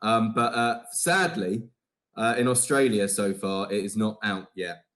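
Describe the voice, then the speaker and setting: A man speaks as a filmmaker guest on a video call, in a fairly low voice. He talks easily but hesitantly, pausing on fillers as he thinks. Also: fairly bright tone. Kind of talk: casual chat.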